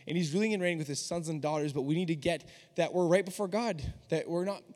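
Young male preacher, earnest and conversational, fairly high voice, big reverberant hall. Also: quick pace, darkish tone. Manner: earnest, conversational, acts out quoted dialogue. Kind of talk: sermon. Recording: long reverb of a large hall.

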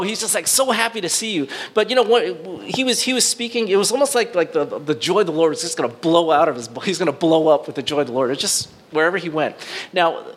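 A middle-aged man preaches a sermon as a pastor, his voice sitting a touch higher than most men's. He tells a personal story full of restarts and fillers, rising into excited bursts and dropping to a hush. A faint hum of room ambience sits behind him.

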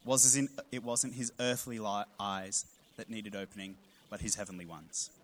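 A man, preaching a sermon with humorous storytelling and animated emphasis. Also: on the low side, moderate pace. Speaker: pastor.

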